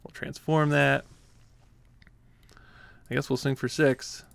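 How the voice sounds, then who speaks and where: A man who makes gaming content gives live commentary on the card game he's playing, chattering, getting flustered and laughing often. His medium-pitched voice is gravelly and a bit bright, his tone level and his pace slow, with no room sound.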